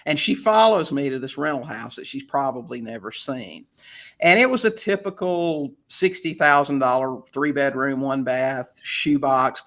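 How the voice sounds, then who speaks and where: A man being interviewed as a real estate investor, telling anecdotes in a casual, lively way. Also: medium pitch. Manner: chatty, animated anecdote-teller with frequent restarts. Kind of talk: casual storytelling in a podcast interview.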